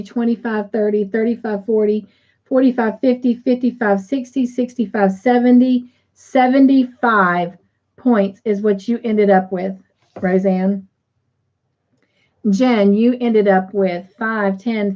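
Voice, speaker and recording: Slow-talking woman hosting a livestream. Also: on the high side, a little mellow. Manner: chatty, says "y'all", reads comments aloud. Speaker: livestream host. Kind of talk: casual livestream chat, reading viewer comments. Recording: slightly dull lo-fi stream audio.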